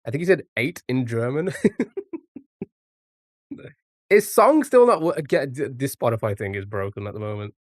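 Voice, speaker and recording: A man's voice: mid-range voice, animated, normal speed, pauses often, no room sound, clean studio sound. A man streaming live, chatting casually with his chat and swearing now and then while playing a word game. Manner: chatty, jokey, talks back to chat.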